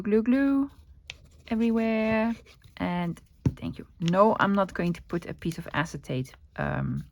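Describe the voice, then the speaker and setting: A woman's voice: lowish voice, gravelly, a bit bright, a little hiss or hum. A woman with a Dutch accent chatting casually while crafting at her desk, thinking aloud and answering her own questions. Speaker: crafting vlogger.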